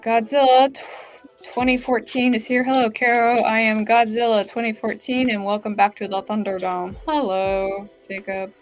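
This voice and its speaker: A woman's voice: on the high side, flat delivery, normal speed, soft background music. A woman hosting a live writing-sprint stream, chatting casually and reading viewer comments aloud, with lots of "like" fillers.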